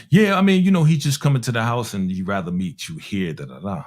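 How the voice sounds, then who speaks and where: Animated storytelling man from Harlem. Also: on the low side, quick pace, few pauses. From Harlem, New York. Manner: animated, acts out other people's voices with slang. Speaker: music producer telling a story. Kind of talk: casual storytelling.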